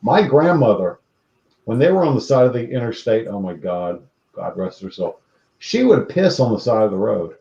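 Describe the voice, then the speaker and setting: A man's voice: on the low side, very animated, normal speed, gravelly, warm tone. Brief: campy, sassy male podcast host, cursing freely, roomy dull lo-fi sound. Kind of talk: casual chat, reading viewer comments.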